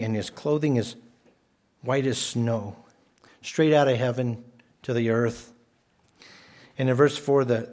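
A man's voice: medium pitch, darkish tone. A man preaching a sermon as pastor, emphatic and often repeating his first words as he starts a phrase.

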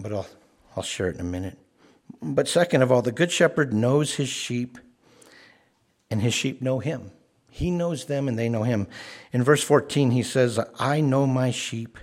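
A man's voice: mid-range voice, expressive, normal speed, long pauses, a little mellow. A man preaching a sermon, earnest and often repeating words as he stresses a point. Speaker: pastor.

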